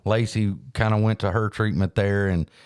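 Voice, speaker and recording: Man telling a story on his podcast, kinda low, very dry close mic, animated and folksy. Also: moderate pace, clear, resonant tone, dry recording. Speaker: podcast host. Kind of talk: casual storytelling chat.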